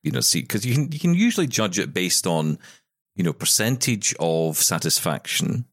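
A man co-hosting a casual podcast, low-pitched but swinging widely in pitch as he insists on his point. He stammers through restarts, heard dry and close. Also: normal speed, no room sound. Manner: insistent, animated, repeats himself with stammered restarts. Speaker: podcast co-host. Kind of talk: casual chat.

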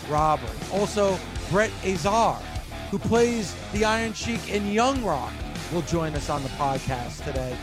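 A man hosting a wrestling radio podcast, energetic and announcer-like when he opens the show. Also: high-pitched, unhurried, music in the background. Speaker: podcast host.

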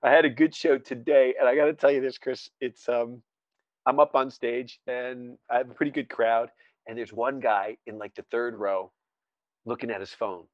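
A man's voice: medium pitch, fairly even intonation, moderate pace, no echo, lo-fi sound. A man hosting a podcast in a loose, conversational way. His voice sits in a middle register and sounds close and dry, with no room around it. He tells long stories full of restarts and fillers. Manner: rambling, self-interrupting storyteller with many fillers. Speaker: podcast host. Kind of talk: casual chat. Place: Scotland.

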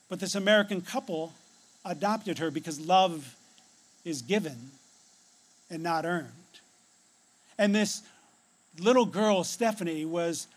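A man preaching a sermon, telling a story with dramatic pauses and dropping to a hush on key phrases, then leading a prayer. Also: sits high. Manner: ends in prayer. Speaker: pastor.

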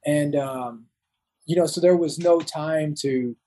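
A man's voice: fairly high pitch, slow, dark tone, low-quality recording. A man in his thirties, a Marine veteran, talking as a guest in an interview, often restarting and repeating words. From United States. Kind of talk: casual interview talk.

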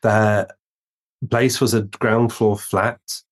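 A man's voice: lowish voice, level tone. A man telling a long personal story in an interview, taking his time and lifting his voice to act out the people he quotes. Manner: slow, unhurried storytelling, acting out quoted voices. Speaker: guest medium telling a story.

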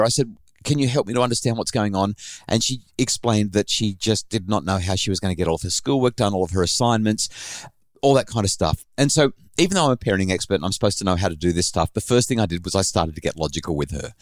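A middle-aged man hosting a parenting podcast, telling a family story in an animated way with frequent restarts. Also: lowish voice, dry recording.

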